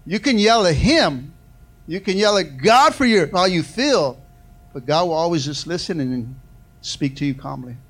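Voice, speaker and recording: Male pastor, sermon delivery, higher-pitched, call-and-response, big swings in volume and pace. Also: expressive. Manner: preaching with call-and-response, repeated "amen" and "come on"; swings from loud and fast to soft and slow.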